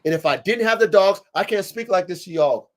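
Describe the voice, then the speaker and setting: High-voiced, emphatic, preachy man. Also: lively intonation, fairly quick. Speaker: podcast host and dog breeder. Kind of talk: impassioned livestream podcast talk.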